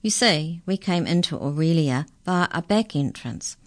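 A woman voicing a polite, helpful talking mouse who explains things calmly. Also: low-pitched, unhurried. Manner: calm, courteous, explaining.

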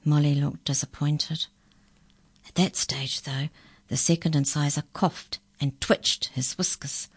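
A woman narrates a children's storybook in a calm, measured way. Her voice sits low, and the recording is close and dry with no room sound. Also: husky, no echo.

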